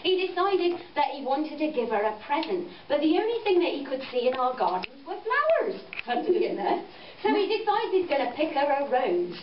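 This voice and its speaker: A woman's voice: high-pitched, very animated, brisk. A woman telling a story to children at a farm venue, coaxing and playful, with many tag questions. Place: farm venue, roomy space. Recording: echoey, distant, dull with background noise.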